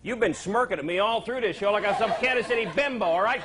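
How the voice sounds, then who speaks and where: A man's voice: sits high, expressive, fast talker, few pauses, over a noisy crowd, very noisy. A man hosting a late-night talk show, joking and rambling in a mock-bossy way before a live studio audience. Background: live studio audience laughter.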